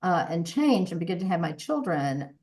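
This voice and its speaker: A woman's voice: fairly low pitch, sing-song, moderate pace, a little mellow. A woman in her sixties, a voice coach, talking earnestly and reflectively as a podcast guest, often restarting her sentences. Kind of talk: conversational interview.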